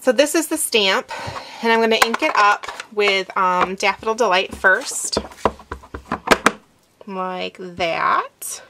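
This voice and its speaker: A woman hosting a craft tutorial, explaining each step in a relaxed instructive way with some fillers as she works. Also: mid-range voice, takes it slowly, creaky, pauses often, heavy background noise. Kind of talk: demonstration, talking while working.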